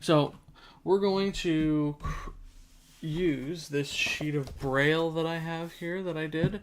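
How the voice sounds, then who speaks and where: A man's voice: a little high, steady tone, slow, a little hiss or hum. A man hosting a casual coding livestream, thinking aloud step by step while typing at his desk. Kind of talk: casual live coding narration. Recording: audible keyboard typing behind.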